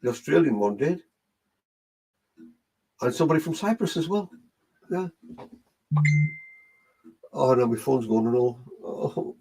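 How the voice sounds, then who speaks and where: A man's voice: medium pitch, expressive, a little slow, creaky, pauses often, dark tone, slightly rough. A man with a Geordie accent, working as a medium and chatting through a live online reading session while greeting viewers by name.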